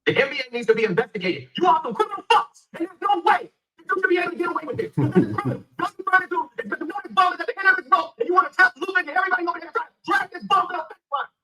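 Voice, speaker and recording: A man's voice: extremely high pitch, sing-song, racing, hardly any pauses, sharp tone, rough recording. A man, ranting angrily and profanely about basketball. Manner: heated, profane, emphatic. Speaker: sports commentator. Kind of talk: angry rant.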